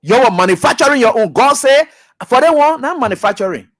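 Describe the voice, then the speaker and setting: High-pitched preaching Liberian man. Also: lively intonation, a little fast. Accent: Liberian English. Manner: emphatic, repetitive, preacher-like, swings between loud shouts and low mutters. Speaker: radio talk show host. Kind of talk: preaching commentary.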